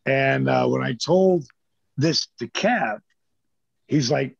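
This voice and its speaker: A man, a former wrestler telling stories in a casual interview, animated and swearing freely while he acts out the people he quotes. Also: mid-range voice, slow, creaky, slightly rough, no room sound, lo-fi sound.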